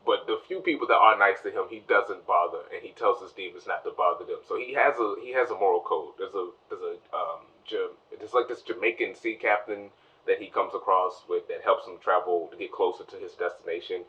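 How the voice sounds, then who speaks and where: A man's voice: low-pitched, steady tone, sharp tone, far from the mic, muffled recording. A man giving a casual spoiler review of a TV show, rambling through the plot and acting out the characters' lines. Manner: rambling recap, acts out characters' lines in quick voices.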